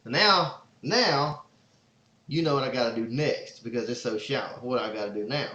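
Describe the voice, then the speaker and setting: Man, casual podcast host, excitable rambling storyteller, mid-pitched voice in a roomy, slightly muffled recording. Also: moderate pace. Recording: roomy, slightly dull sound.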